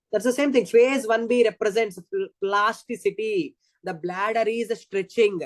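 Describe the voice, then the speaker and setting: A man delivers an exam-prep lecture on physiology in a high voice with an Indian English accent, recorded dry. He breaks things down step by step, going over points more than once.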